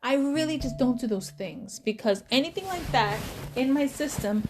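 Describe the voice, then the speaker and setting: A mother of four telling her birth story in a chatty, animated vlog, repeating words for emphasis. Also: high-pitched, moderate pace, background noise. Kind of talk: casual storytelling to camera. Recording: voice over clear background music. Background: background music.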